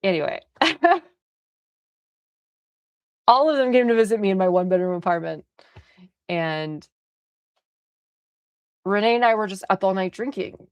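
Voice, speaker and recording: A young woman streamer rambling through a story with an easy, gravelly fry. She laughs often and swears casually. Her voice is close and dry on a desk mic. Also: medium pitch, lively intonation, a little slow, long pauses, dry recording.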